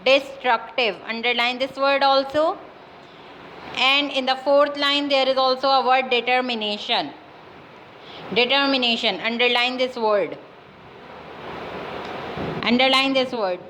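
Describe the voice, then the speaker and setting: A woman teacher with a Pakistani English accent giving a class lesson, dictating words slowly and repeating them with many fillers. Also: sits high, pushed and bright, a little hiss or hum, rough recording. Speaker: school teacher.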